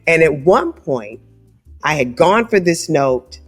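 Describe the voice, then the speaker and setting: Deep and husky, this woman's voice moves slowly as faint music plays behind her. She's a singer appearing as a guest in a relaxed interview, chatting animatedly through stories with a big, scratchy sound and frequent "right?" asides.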